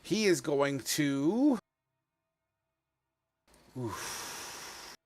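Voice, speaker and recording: Man, game master, bright voice, casual, joking, swearing, tabletop game. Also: medium pitch, animated, normal speed, no echo. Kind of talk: running a tabletop game over voice chat.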